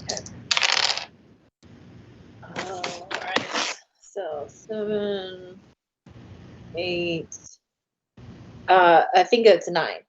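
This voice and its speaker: A woman playing a tabletop game, speaking in a deliberate, deadpan way. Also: lowish voice. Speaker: player. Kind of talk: casual chat. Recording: dull lo-fi line with faint noise.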